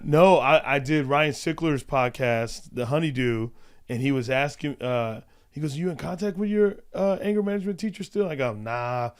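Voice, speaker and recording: A man's voice: on the high side, moderate pace, clear, resonant tone. A man, a comedian guest on a podcast, telling casual stories with lots of restarts and fillers. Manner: rambling with restarts and laughter.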